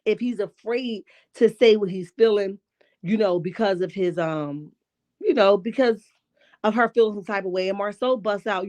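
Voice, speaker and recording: A woman hosting a reality-show recap, talking in a casual, sassy and profane way, her voice a bit raspy this morning. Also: mid-range voice, moderate pace, a little mellow. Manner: sassy, profane, rhetorical asides with "okay?" and "right?". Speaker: reality TV commentary host.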